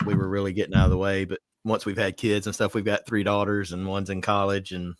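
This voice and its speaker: Deep-voiced Alabama man, chatty. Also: flat delivery, fast, no echo, clean studio sound. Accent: Southern US (Alabama). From South Alabama, USA. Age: middle-aged. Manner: chatty, storytelling, self-deprecating. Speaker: guest on whiskey livestream. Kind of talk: casual chat.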